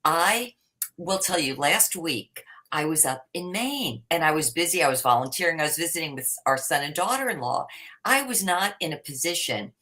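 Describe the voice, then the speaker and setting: Low-voiced, lively woman panelist. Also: moderate pace. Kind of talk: webinar panel discussion. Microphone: video call.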